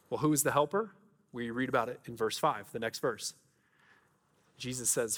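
A man preaching a conversational sermon, asking his listeners rhetorical questions and moving between lively storytelling and quiet scripture reading. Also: medium pitch, husky, in a large hall. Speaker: pastor.

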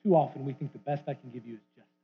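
A man preaching a sermon as a guest preacher, swinging from loud acted-out quotes to hushed asides. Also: medium pitch, racing, a little hiss or hum. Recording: tinny narrow phone-like sound.

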